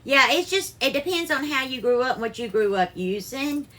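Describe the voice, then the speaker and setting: A woman's voice: high-pitched, lively intonation, moderate pace, fairly bright tone. A woman hosting a live-stream cooking show from her kitchen, greeting viewers by name and calling them darling.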